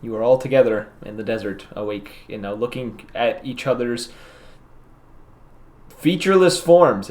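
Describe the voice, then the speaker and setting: Male game master, mid-pitched, describes scenes in a halting, filler-laden way. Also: darkish tone. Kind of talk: narrating a tabletop game.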